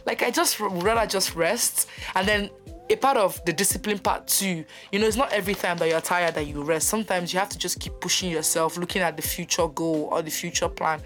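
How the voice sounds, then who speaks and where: A woman's voice: on the low side, fairly quick, a bit bright, faint music behind. A young woman hosting her own podcast, talking candidly and animatedly about her personal life, often laughing. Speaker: podcast host. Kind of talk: personal reflective monologue.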